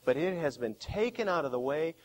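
A man preaching a sermon as pastor, with dramatic swings between quiet and loud. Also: on the high side, animated, fairly quick. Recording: long hall reverb.

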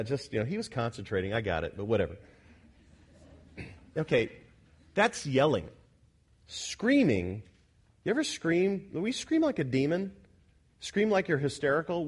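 A man with a somewhat high voice preaches in a plain, conversational way, putting questions to his congregation. He sinks to quiet, almost muttered asides, then builds to loud, shouting emphasis. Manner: conversational, asks the congregation questions, self-correcting. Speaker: pastor. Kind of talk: expository sermon.

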